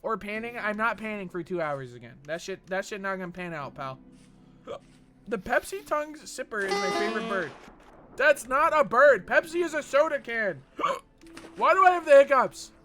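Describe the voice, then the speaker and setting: A man's voice: high voice, big pitch swings, moderate pace, sharp tone, faint music behind. A man from Texas streaming a game, rambling and swearing as he reads chat messages aloud and jokes back at them. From Texas, USA. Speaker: gaming streamer. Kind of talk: casual livestream chat while gaming.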